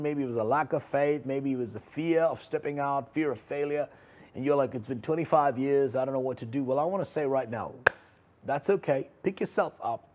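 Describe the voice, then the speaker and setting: A man in his thirties preaching a sermon, earnest and pleading, repeating key phrases and often dropping to a soft, low voice.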